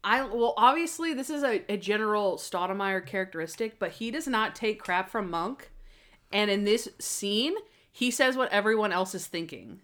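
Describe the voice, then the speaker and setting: A woman's voice: mid-range voice, lively intonation, moderate pace, a bit bright. A woman co-hosting a casual podcast chat about a TV episode, acting out the characters' lines in playful voices. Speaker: podcast co-host.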